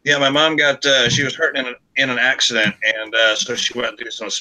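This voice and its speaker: Easygoing man from Michigan, very bright edgy tone, chuckles a lot, stream regular. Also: medium pitch, little pitch movement, a little fast, rough recording. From Michigan, US, living in Texas. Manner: chuckling, easygoing, hesitant with fillers. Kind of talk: casual chat on a livestream.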